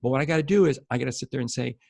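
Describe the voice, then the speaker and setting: A man's voice: medium pitch, rapid-fire, gravelly, darkish tone, no echo. A man giving a motivational sales coaching talk straight to the viewer, driving points home by repeating them with emphasis. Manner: emphatic, repeats key phrases for stress; speaks directly to the viewer. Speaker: sales trainer.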